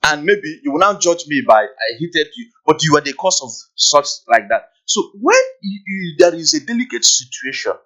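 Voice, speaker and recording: A man in a relaxed podcast discussion whose voice sits a little high and swings widely up and down. He acts out scenes as he makes his point and keeps asking his listeners if they follow. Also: moderate pace, few pauses, poor audio. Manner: animated, acts out scenes, often asks "you understand?". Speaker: podcast guest. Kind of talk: casual panel discussion.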